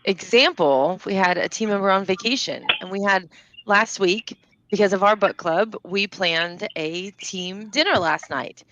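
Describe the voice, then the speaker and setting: A woman with a Southern US accent co-hosts a casual chat, rambling along and quick to laugh. Her medium-pitched voice is a bit bright, though the recording sounds muffled.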